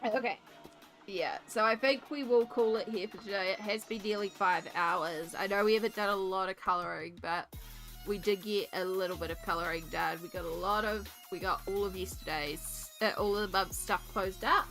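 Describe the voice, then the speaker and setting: A woman's voice: mid-range voice, normal speed, fairly bright tone, soft background music. A woman with a congested voice, chatting casually with her livestream viewers while she colours, giggling often and reading out chat names. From Australia.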